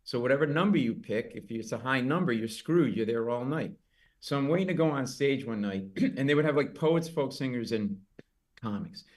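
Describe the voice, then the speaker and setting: A middle-aged man spinning a comic anecdote in a conversation. He tells it briskly and jumps into loud, high-pitched voices whenever he quotes someone. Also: lively intonation. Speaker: comedian guest. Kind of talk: storytelling in an interview.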